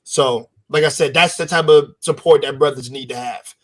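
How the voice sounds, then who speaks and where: A man's voice: a little high, steady tone, normal speed. A man on a podcast panel speaking bluntly and profanely, rambling through his points. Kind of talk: casual panel chat.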